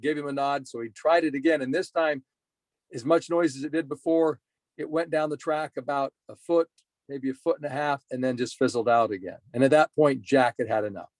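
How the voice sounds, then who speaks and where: A man's voice: fairly high pitch, a little mellow, no echo. A middle-aged man giving a motivational talk, telling a personal story and repeating his main points for emphasis. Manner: earnest, repetitive emphasis. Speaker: motivational speaker.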